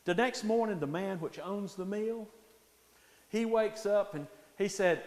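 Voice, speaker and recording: A man telling a folktale aloud with animated, dramatic pacing, dropping into hushed tones for suspense. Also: sits high, measured pace, roomy sound, in a large hall. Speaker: storyteller.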